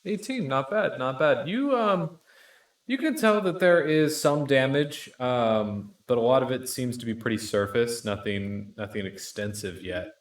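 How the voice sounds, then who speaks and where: A man running a tabletop game as game master, narrating the action and explaining the rules in a methodical way. He often pauses on fillers. The room around his voice sounds echoey. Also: mid-range voice. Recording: roomy echo.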